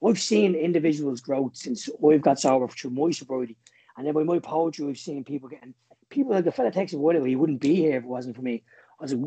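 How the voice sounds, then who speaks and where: A man, a poet guest on a podcast, speaking earnestly in quick, tumbling phrases. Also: on the high side, mellow, breathy edge, rough recording. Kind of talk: casual podcast conversation.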